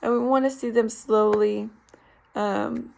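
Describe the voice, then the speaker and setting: A woman's voice: fairly high pitch, steady tone, slow, vocal fry, a little mellow. A young woman explaining a therapy method in a recorded class presentation, informal and full of ums. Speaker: speech therapy student.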